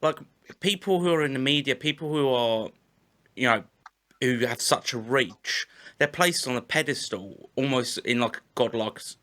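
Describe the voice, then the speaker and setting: A man's voice: medium pitch, normal speed, a bit bright. A man who plays in a band, a podcast guest in casual chat who rambles, swears freely and corrects himself.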